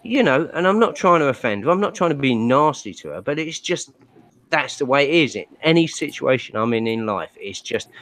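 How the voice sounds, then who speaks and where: A man's voice: mid-range voice, sing-song, brisk, a bit bright. Blunt, swearing man ranting. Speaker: stream panelist. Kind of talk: casual chat.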